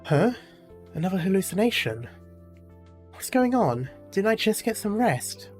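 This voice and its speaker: A streamer voicing an earnest, uneasy young woman from a game story. She asks question after question in a plain, mid-pitched voice. Quiet music plays behind. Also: very animated, unhurried. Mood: puzzled.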